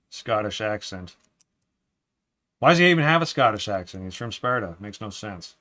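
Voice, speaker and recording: A man hosting a casual live stream from his desk, chatting easily, reading viewer comments aloud and often calling people "man", sometimes trailing into a quiet mutter while he builds. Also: on the low side, animated, moderate pace.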